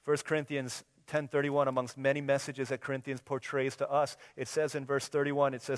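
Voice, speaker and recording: A man in his thirties preaching a sermon, telling a funny story with acted dialogue, swinging from soft to loud. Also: mid-range voice, little pitch movement, fairly quick, few pauses, big-room sound. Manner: humorous, plays out scenes in quoted dialogue. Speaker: pastor.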